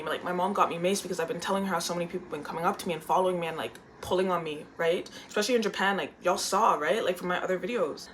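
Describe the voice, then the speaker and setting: A woman's voice: medium pitch, slight background noise. Chatty young woman telling a story. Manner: chatty and animated, full of "like" and "y'all". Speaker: vlogger. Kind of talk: casual sit-down storytime. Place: indoors at home, seated.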